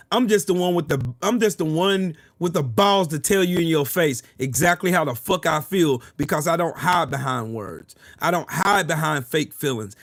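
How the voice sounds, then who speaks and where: A man's voice: a little high, no room sound, clean studio sound. A man hosting a livestream, delivering a heated, profane political rant and answering chat comments. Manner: profane, heated, repetitive ranting. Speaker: livestream host.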